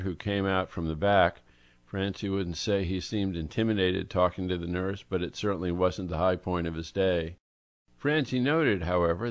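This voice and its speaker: A man narrating a story in a measured, even storytelling manner, as an audiobook reader. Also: deep voice, no room sound. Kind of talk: scripted narration.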